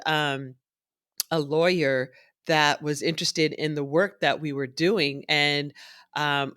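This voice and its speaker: An animated woman storyteller speaking as a guest in an interview, slipping into the voices of the people in her stories. The sound is close and dry, with no room around it. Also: deep voice, clear, resonant tone, no room sound. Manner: animated storyteller who acts out others' voices. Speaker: guest, nonprofit founder.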